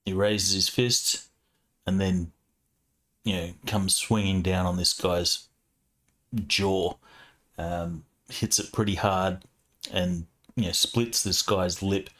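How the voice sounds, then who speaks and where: A man narrating as game master of a tabletop role-playing game, relaxed, with many fillers. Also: low-pitched.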